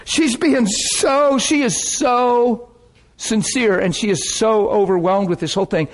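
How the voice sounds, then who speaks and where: Guy pastor preaching a story, high voice, gets loud and squeaky when he's worked up. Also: measured pace. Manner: animated, swings up into high cries when excited; acts out quoted people in his stories. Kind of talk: sermon storytelling.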